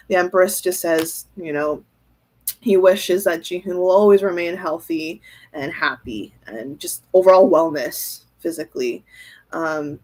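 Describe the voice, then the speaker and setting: Giggly woman doing a chill tarot reading stream, chatty, thinks out loud, replies to chat. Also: fairly low pitch. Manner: answers viewer comments. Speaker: tarot reader. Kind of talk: casual tarot reading livestream.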